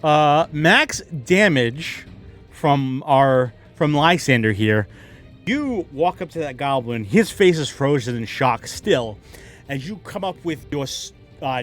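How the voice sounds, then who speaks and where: Animated man running a tabletop game. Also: mid-range voice. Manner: animated, laughs often. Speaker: game master.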